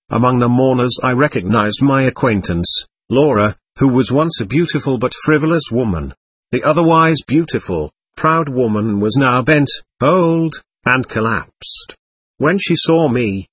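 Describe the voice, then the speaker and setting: Solemn man narrating, husky and lively. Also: mid-range voice, no echo. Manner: solemn, measured reading. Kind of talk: scripted narration of a visionary text.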